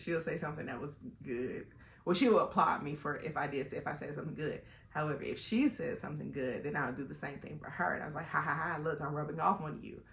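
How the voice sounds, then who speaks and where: A woman talks to her vlog audience in a loose, rambling way, with plenty of "um"s and restarts. Her voice has a rough, gravelly edge, and the room around her echoes noticeably. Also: sits low. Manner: chatty and rambling, with many fillers and restarts. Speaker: vlogger. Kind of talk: personal storytelling vlog.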